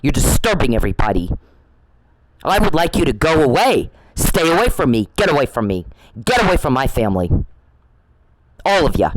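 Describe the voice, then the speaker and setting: A man's voice: a little high, big pitch swings, normal speed, long pauses, low-quality recording. A man delivering an angry, confrontational monologue at someone he says is harassing him, repeating himself and swearing.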